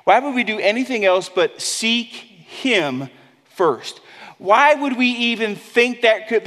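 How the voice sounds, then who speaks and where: A man preaching a sermon in a conversational way, dropping low and quiet on key words and acting out the voices of people he quotes. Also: long reverb tail. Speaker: pastor.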